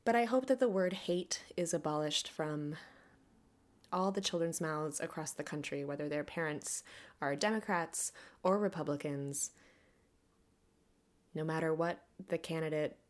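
A woman hosting a podcast, talking earnestly and reflectively, now and then laughing softly. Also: low voice, measured pace. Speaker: podcast host. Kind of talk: personal monologue.

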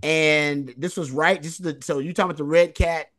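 A man's voice: a little high, fairly even intonation, a little fast, sharp tone. A man co-hosting a sports podcast, analyzing a football game in casual talk and stressing points by repeating phrases. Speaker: co-host.

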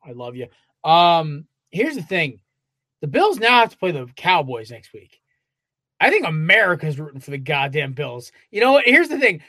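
A man's voice: on the high side, sing-song, moderate pace, bright, forceful tone, dry recording. Man, sports podcast co-host, fired-up rant, heavy swearing, dry close sound. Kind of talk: casual sports chat.

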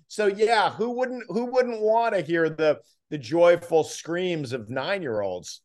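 High, lively man telling a story. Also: slow, hardly any pauses. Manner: lively storytelling, acts out quotes. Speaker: podcast co-host. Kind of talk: casual anecdote-telling.

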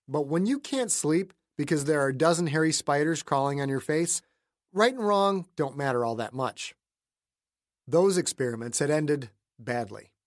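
A man narrating a novel as an audiobook in an even, measured storytelling voice. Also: medium pitch, no room sound, studio quality. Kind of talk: scripted narration.

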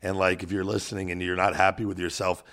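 Man, very deep gravelly voice, blunt profane host, casual podcast. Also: level tone, fast, a bit bright. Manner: blunt, profane, motivational rants.

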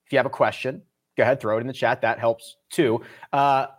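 A man's voice: medium pitch, fairly even intonation, fairly quick. A man hosting a golf podcast in a casual, upbeat and chatty way. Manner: upbeat, chatty, promotes sponsors and links. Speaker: podcast host.

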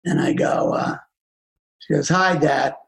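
Gravelly older man, tearful storytelling. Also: fairly high pitch, unhurried, low-quality recording. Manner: intimate, often dropping to a hushed, tearful half-whisper. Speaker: podcast guest, music agent. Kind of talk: emotional storytelling.

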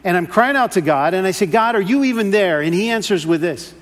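A middle-aged man preaches with a notably high voice. He tells a personal story in an earnest, halting way and repeats words as he goes. His voice rings through a church hall with a long echo. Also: lively intonation. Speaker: pastor. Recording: hall reverb.

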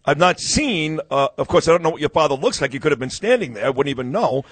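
A man's voice: fairly high pitch, expressive, fast, slightly rough, dry recording. A brash, boastful man, hosting a live talk radio show and telling stories in casual chat.

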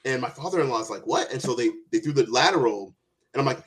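Animated man reliving a big game. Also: medium pitch, fairly quick. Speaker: podcast co-host. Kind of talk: casual sports podcast chat.

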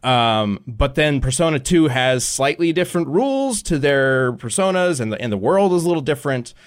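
A man's voice: mid-range voice, expressive, normal speed. A man hosting a podcast in casual chat, rambling with many fillers and casual swearing. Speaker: podcast host.

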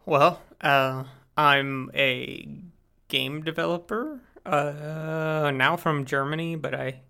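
Easygoing man from Florida, gravelly. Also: fairly high pitch, slow pace. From Central Florida. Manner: relaxed, with frequent uh fillers. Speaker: guest game developer. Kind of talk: casual interview chat.

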